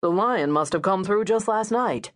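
A man's voice: high-pitched, expressive, moderate pace, fairly bright tone. A woman reading an audiobook, voicing a smug, know-it-all London novelist who speaks with cutting confidence. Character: smug middle-aged London novelist, alpha male.

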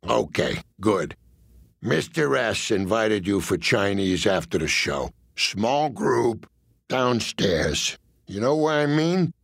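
A suspicious middle-aged mob heavy, put on by a male narrator, grilling someone with slow, probing questions. His voice drops low and turns gravelly, recorded close and dry, in a comic audiobook story. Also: sing-song, no room sound, full character voice. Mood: settling.

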